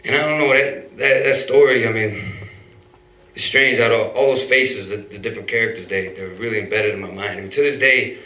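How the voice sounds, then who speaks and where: Speaking fairly quickly in a fairly low, bright and forceful voice, a man tells a rambling personal story on stage, full of restarts, fillers and swearing. The sound comes from a distant mic in a roomy hall.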